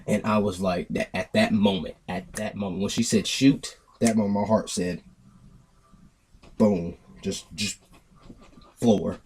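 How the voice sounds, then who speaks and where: A man's voice: deep voice, measured pace, long pauses, a little hiss or hum. Young man rambling through a storytime. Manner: rambling, animated retelling with acted-out quotes. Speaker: vlogger telling a story. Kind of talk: casual storytime monologue.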